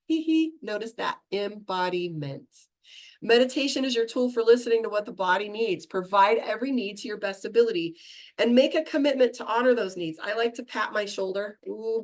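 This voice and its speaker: A middle-aged woman teaching a meditation class, talking fast and chatty and laughing at herself. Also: medium pitch.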